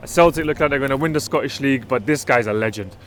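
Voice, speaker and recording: A man with a London accent co-hosting a casual football chat, relaxed, leading segments and talking to viewers. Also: mid-range voice, fast talker, a little hiss or hum. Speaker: podcast co-host.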